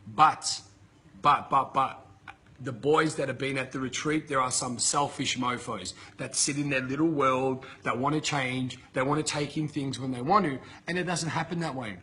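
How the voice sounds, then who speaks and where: A man's voice: medium pitch, moderate pace, pushed and bright, slightly rough. A man giving a blunt, emphatic motivational talk to camera, swearing freely and ranting at his listeners. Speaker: motivational coach. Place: filmed in Bali with a camera operator.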